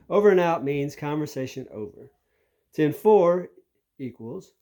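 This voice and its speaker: Lively man reading aloud. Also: fairly high pitch, measured pace. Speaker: narrator, reading to his daughter. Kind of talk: children's book read-aloud.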